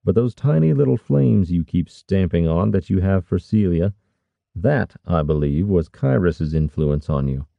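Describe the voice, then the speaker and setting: A man's voice: sits low, lively intonation, measured pace, gravelly, no echo, dull audio, full character voice. A man voicing a sly, scheming older lord with a wry, scoffing manner.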